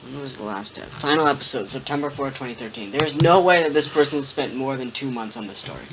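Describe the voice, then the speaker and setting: A man's voice: medium pitch, expressive, quick pace, noisy background. A young man trading wisecracks in comedic banter, with a sarcastic edge. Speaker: co-host.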